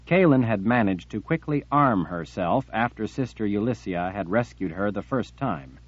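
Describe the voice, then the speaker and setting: Low-voiced man narrating an audiobook. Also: expressive, moderate pace, no echo, muffled recording.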